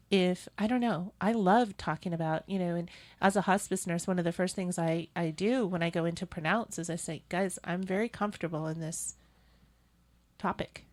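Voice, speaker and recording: A woman hosting a political talk show, earnest and opinionated as she talks with her co-host. Her voice sits somewhat low, and her delivery is conversational.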